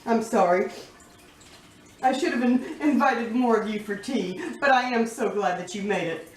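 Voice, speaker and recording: A woman's voice: fairly high pitch, moderate pace, a little hiss or hum. A woman chatting casually in a home kitchen cooking vlog, giggling and talking to her pets as she bakes. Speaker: cooking vlogger. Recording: echoey room, somewhat far from mic.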